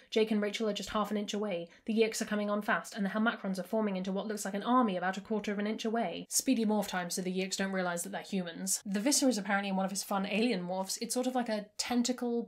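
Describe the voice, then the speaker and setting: Brief: a mid-pitched woman, chatty and amused, recapping a book for her channel. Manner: chatty, amused, laughs at the plot. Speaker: book review channel host. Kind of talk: casual book recap vlog.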